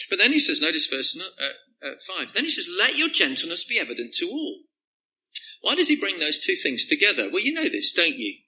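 A man preaching a conversational sermon, animated and dropping softly on key phrases. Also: mid-range voice, rough recording.

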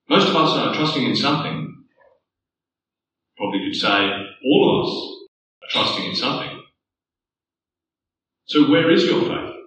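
Aussie guy preaching slow, big roomy echo, mic kinda far away. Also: mid-range voice, a little hiss or hum. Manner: earnest, building to loud rhetorical questions. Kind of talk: sermon. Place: church hall. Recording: echoey distant church room mic.

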